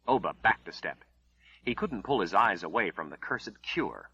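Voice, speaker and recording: Husky low-voiced male audiobook narrator. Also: sing-song, sharp tone, dry recording, highs cut off. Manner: measured, dramatic storytelling. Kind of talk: scripted dramatic narration.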